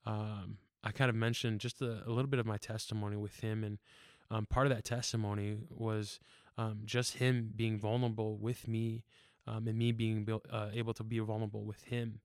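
A man's voice: on the low side, little pitch movement, normal speed, hardly any pauses, no echo, studio quality. A young man talking casually on a podcast, earnest and rambling, laughing often and with fillers. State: tearful. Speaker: podcast guest.

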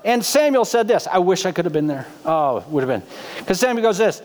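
Male pastor, sermon delivery, high pitched and chatty with jokes, reverberant sanctuary. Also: sing-song, a little fast, a little mellow. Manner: humorous, conversational, asks the congregation questions. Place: church sanctuary.

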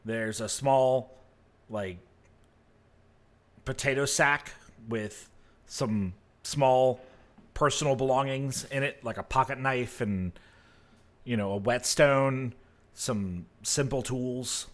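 A man narrating as game master of a tabletop game, relaxed and hesitant with many fillers. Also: mid-range voice, slow, pauses often.

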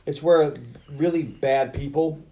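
A man co-hosting a casual film podcast, animated and quick to laugh, acting out his reactions. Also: on the high side, a little hiss or hum. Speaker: podcast co-host. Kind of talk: casual chat about a film.

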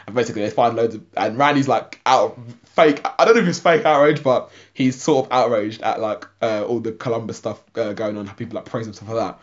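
A man's voice: on the low side, fairly even intonation, a little fast. A man co-hosting a casual podcast, retelling an episode in a rambling way, full of "like" and frequent laughter. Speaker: podcast co-host. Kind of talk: casual film and TV review chat. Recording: dull lo-fi podcast audio.

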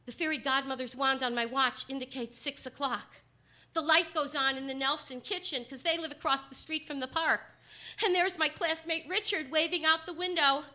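A woman from Chicago telling a personal story, partly in rhyming verse, moving between hushed and emphatic delivery. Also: sits high. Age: adult.

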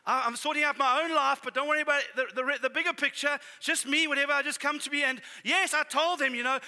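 High, bright-voiced man preaching animatedly. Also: quick pace, gravelly, hardly any pauses. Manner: animated, exclaiming. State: out of breath at times. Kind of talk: sermon. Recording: reverberant hall.

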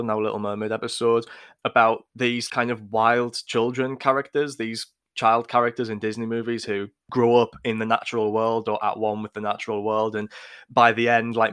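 A man's voice: medium pitch, a bit bright, dry recording, clean studio sound. A man co-hosting a film podcast, laying out long analytical arguments in casual discussion. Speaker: podcast co-host.

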